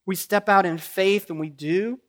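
A middle-aged man with a Kentucky accent preaching a sermon, rising loud when pleading and dropping soft and low in prayer. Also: unhurried. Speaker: pastor.

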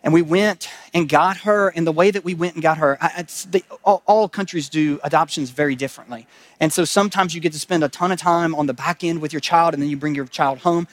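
A man pastor giving a sermon, talking in a conversational way that rises to emphatic calls and drops to hushed asides. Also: on the high side, brisk, dry recording.

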